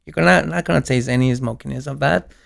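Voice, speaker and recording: A young Ecuadorian man with an Ecuadorian Spanish accent speaks quickly in a gravelly, mid-range voice. He's a bartender appearing as a podcast guest, chatting casually and animatedly telling stories while acting out the voices of the people in them.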